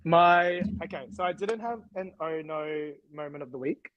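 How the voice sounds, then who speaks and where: A man's voice: fairly high pitch, moderate pace, dull audio. An Australian man in his thirties co-hosting a podcast, chatting casually, laughing often and ranting with energy. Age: 30s. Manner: giggly, animated ranting. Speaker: podcast co-host. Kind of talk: casual chat.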